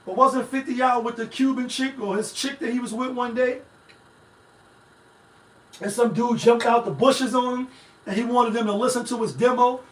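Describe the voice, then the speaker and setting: A man's voice: very high voice, moderate pace. A man hosting a live-stream talk show, rambling in casual, profane commentary straight to his viewers. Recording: echoey room, mic at a distance.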